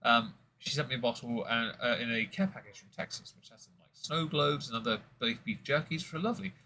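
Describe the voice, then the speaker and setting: A man's voice: medium pitch, fast talker, creaky, pushed and bright, rough recording. Rambling man hosting a stream. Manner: rambling, jokey, many fillers. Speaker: whisky stream host. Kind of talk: casual tasting chat.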